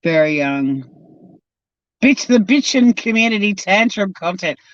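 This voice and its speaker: A woman's voice: medium pitch, animated, a little slow, dry recording. An Australian woman hosting a livestream from her car, chatting casually and bluntly with plenty of swearing as she reacts to chat. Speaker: livestream host reading chat. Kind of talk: casual chat while driving. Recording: dull, dry lo-fi sound.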